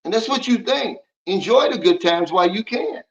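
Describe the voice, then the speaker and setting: A man's voice: high-pitched, animated, normal speed. Blunt man on a lo-fi livestream. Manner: blunt, preachy, reads out viewer comments. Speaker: livestream host. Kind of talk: casual livestream talk.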